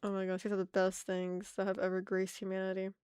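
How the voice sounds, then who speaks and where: A woman's voice: medium pitch, completely flat delivery, fast talker, darkish tone, smooth, no echo, studio quality. An American woman streaming her art, chatting casually with viewers in a rambling way and laughing often. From United States.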